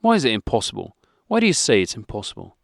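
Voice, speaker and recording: A man's voice: lowish voice, huge pitch swings, fast talker, gravelly, no echo, clean studio sound, heavily acted. A man reading an audiobook, voicing a young wife who pleads and protests indignantly. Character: young wife, upset and insistent.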